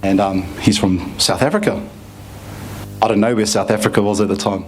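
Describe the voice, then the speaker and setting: A man's voice: on the low side, moderate pace, a crowd in the background. Easygoing New man telling a story. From New Zealand. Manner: relaxed storytelling, many fillers and restarts. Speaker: conference speaker giving a testimony. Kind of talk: personal testimony story.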